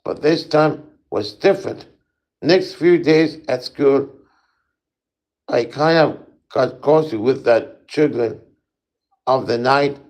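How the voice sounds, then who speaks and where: A man reading a first-person spooky story aloud in a halting way, with small slips and restarts. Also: mid-range voice, a little mellow, poor audio.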